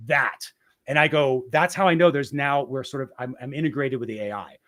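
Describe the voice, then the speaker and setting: A man of middle pitch explains a process at length in casual interview talk. He rambles, restarts his sentences, and keeps checking in with "right?" as he goes. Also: fairly quick. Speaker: guest.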